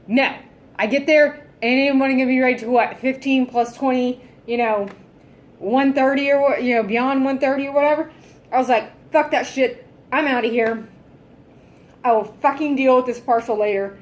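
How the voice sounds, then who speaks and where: A woman's voice: high voice, normal speed. A woman venting in a casual vlog, exasperated and heavily profane, sighing often. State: fed up and irritable. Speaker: vlogger.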